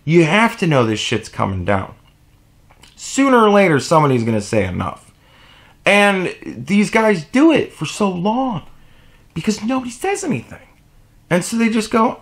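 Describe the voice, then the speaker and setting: A young man riffs alone into his podcast mic in a heated, profane rant. His voice sits a bit high, jumps up and down wildly in pitch, and has a gravelly edge. He swings between loud indignation and low muttering. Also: sing-song, moderate pace. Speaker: podcast host. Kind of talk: solo opinion rant.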